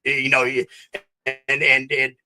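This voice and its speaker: Over soft background music on a low-quality recording, a man in his fifties talks very slowly in a medium-pitched, completely flat, sharp-toned voice. Born in Australia and raised in the American South, he's a casual interview guest who rambles, repeats himself, and says "bro" and "man."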